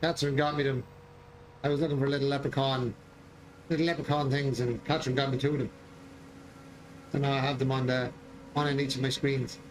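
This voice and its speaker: A man's voice: medium pitch, little pitch movement, a little fast, long pauses, a little hiss or hum. An Irish man chatting casually while streaming a farming game, joking and repeating his lines with a chuckle. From Ireland. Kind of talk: casual gameplay chat. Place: home gaming room.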